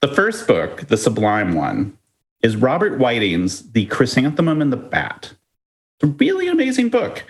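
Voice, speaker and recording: A man co-hosts a podcast, chatting casually and telling stories in a playful, lively way, chuckling as he goes. His voice sits in the mid-range and he speaks at a normal speed.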